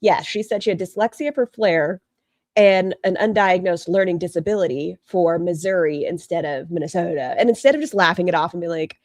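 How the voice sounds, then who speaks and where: A woman hosts a casual livestream, speaking bluntly and gossipily while reading viewer comments aloud. Her mid-range voice is expressive and brisk, captured in a dry, studio-quality recording.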